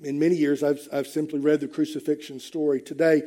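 A man's voice: on the high side, level tone, a little fast, warm tone. A man preaching a sermon to his congregation, emphatic, swelling and dropping with the message. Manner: emphatic, rising and falling with the message. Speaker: pastor.

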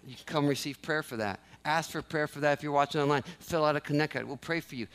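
A man preaching to his church with a high, bright voice. He is animated, acting out the prayers he quotes and repeating his key phrases to drive them home. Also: quick pace, hardly any pauses, smooth. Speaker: pastor. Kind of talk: sermon. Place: church sanctuary.

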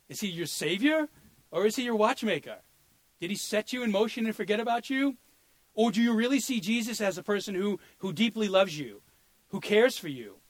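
A man's voice: high-pitched, no room sound. A male pastor preaching an earnest sermon, sometimes repeating words as he searches for them.

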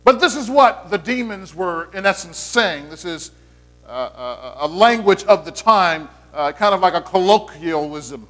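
Male pastor, high-pitched, chatty sermon delivery with restarts. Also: animated, unhurried, fairly bright tone. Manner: conversational preaching with playful asides and repeated restarts.

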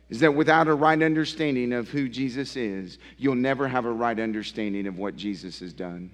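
A male pastor preaching a sermon in a church, emphatic, building through repeated phrases and dropping low for effect. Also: brisk, hardly any pauses. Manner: emphatic, building repetition with dramatic drops. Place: church sanctuary. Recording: long church hall reverb.

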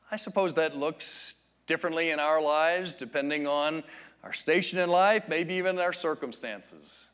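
A man preaching a sermon, teaching in a measured, reflective way with frequent restarts. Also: on the high side, fairly bright tone. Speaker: pastor.

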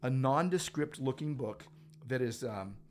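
In an office full of books, a pastor co-hosting a church podcast chats casually in a mid-range voice with lively intonation, speaking a little slowly. His talk is loose and rambling, with frequent restarts and filler.

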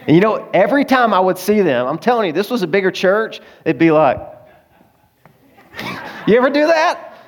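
A man's voice: high voice, very animated, fairly quick. A man preaching a sermon in a conversational way, with personal stories and frequent asides to the congregation. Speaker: pastor.

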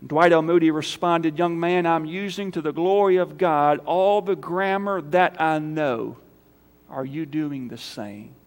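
Pastor, male, high voice, emphatic sermon delivery, long church-hall reverb. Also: fairly even intonation, unhurried. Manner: emphatic, rising to loud calls then dropping soft for prayer. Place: church sanctuary.

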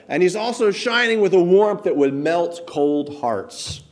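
A man preaching a sermon, emphatic and direct, asking the congregation rhetorical questions. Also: mid-range voice. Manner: emphatic preaching, building to loud repeated stresses. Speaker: pastor.

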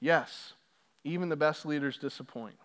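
Male pastor, high-pitched voice, sermon delivery with surging intensity on scripture quotes, church setting. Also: moderate pace, a bit bright. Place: church sanctuary.

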